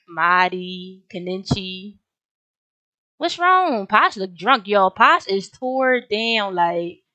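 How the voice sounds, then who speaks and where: A young woman hosts her own gameplay video, talking casually and slangily to her viewers as she plays. Her voice sits at an ordinary pitch for a woman. It is recorded dry and close, with no room sound. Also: pushed and bright, no echo. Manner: chatty, slangy, addresses viewers as y'all. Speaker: gaming video host.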